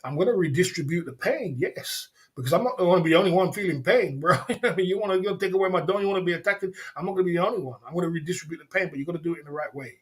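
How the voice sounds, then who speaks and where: His high-pitched voice races along with hardly any pauses as he hosts a casual livestream. Reading viewers' comments, he answers them in street slang, rambling and saying things over and over.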